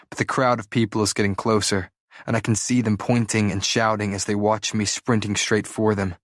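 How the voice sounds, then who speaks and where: A man with a fairly low voice narrates an audiobook in the first person. His reading is dramatic and urgent, and he voices the dialogue with feeling. The sound is dry and close. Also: a bit bright, no room sound.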